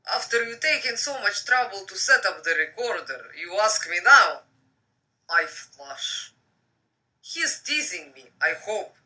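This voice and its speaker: Woman, russian accent, slow unhurried reading, crisp bright tone, voice a bit distant from the phone mic. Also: medium pitch, big pitch swings. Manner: slow, breathy-soft reading, flirty asides to viewers. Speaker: live-stream host reading a book aloud. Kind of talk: bedtime story reading with chatty asides.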